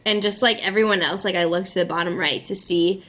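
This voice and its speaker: A woman's voice: lowish voice, a little fast. Chatty young woman telling a story. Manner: chatty and excitable, many fillers. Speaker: vlogger. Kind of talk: casual storytelling to camera.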